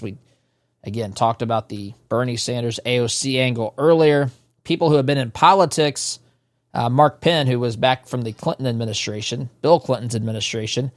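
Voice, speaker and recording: A man's voice: mid-range voice, no echo, studio quality. A male radio talk show host delivering an emphatic political monologue, repeating phrases and speaking straight to his listeners. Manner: emphatic, repetitive addresses to listeners.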